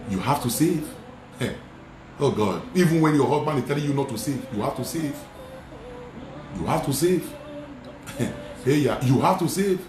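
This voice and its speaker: A man who is a Nigerian Catholic priest, preaching emphatically and repeating lines, slipping into pidgin and shouting at the peaks. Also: medium pitch, echoey room, noisy background. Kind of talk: preaching sermon. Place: studio.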